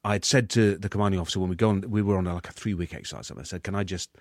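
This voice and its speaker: Halting man with a lowish voice. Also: dry recording, studio quality. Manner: halting, many restarts. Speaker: guest. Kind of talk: interview.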